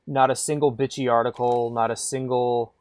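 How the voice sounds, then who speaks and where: A man's voice: mid-range voice, flat delivery, moderate pace, a little mellow. A man streaming a game, chatting casually in a rambling, irreverent way and swearing freely. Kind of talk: casual gameplay chat.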